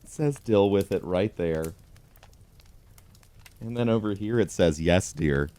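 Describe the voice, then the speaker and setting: A man reading a pun book aloud in a dry, deadpan comedic tone, chuckling along. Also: deep voice, slow. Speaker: comedy host.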